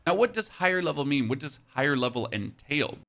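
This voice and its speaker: German man narrating gameplay, gravelly edge. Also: on the high side, very animated, sharp tone. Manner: enthusiastic, rapid play-by-play calls. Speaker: gaming youtuber. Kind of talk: gameplay commentary.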